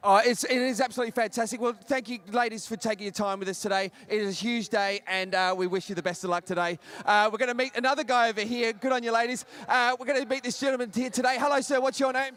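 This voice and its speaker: A man hosts a live outdoor event with an upbeat, exclamatory delivery. His voice sits very high, and he interviews runners and rallies the crowd. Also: steady tone, quick pace, few pauses, a bit bright. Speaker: trackside host. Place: outdoors at a stadium finish line.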